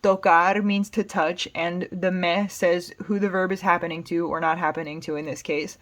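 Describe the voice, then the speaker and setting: A woman's voice: lowish voice, steady tone, normal speed. A woman with an American accent teaching Spanish, patiently explaining song lyrics word by word. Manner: patient, plain explanations with fillers.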